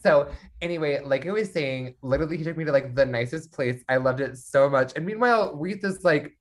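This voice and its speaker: A woman's voice: low voice, a little fast, few pauses. A woman in casual podcast chat, retelling a book and acting out the characters' lines. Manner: animated, acts out characters' lines while retelling.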